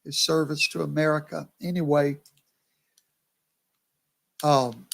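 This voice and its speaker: Male pastor, worn out, drawling slow with a gravelly edge, chatty with his viewers. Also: a little high, steady tone. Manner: chatty, talks to viewers by name. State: tired, yawning. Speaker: pastor hosting a livestream. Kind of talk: casual live commentary.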